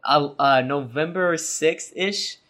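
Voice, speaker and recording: A man's voice: on the high side, slow, fairly bright tone. A man co-hosting a podcast, reading listener reviews aloud with a joking, mock-serious delivery. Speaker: podcast co-host.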